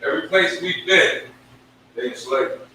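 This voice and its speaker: A man leads a scripture lesson, pressing each point and slowly sounding out syllables. His bright, forceful voice comes from some distance off the mic. The room around him is very echoey. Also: on the high side, lively intonation. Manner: emphatic, repeats and stretches out syllables. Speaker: religious teacher. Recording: very echoey room, from far off, faint noise.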